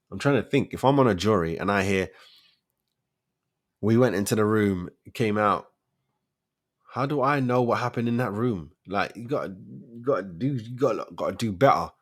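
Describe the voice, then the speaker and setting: A man, hosting a casual solo commentary show, firing off rhetorical questions in street slang. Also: on the low side. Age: 40s. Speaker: host of a debate show.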